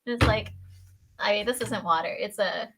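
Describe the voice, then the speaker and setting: A woman with a bright, forceful voice at a middle pitch talks as a podcast guest. She keeps the chat lively and keeps slipping into funny put-on voices for the quotes she acts out. The tone stays casual throughout. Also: faint music behind. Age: adult, a parent. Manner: chatty, quick to act out quotes in funny voices.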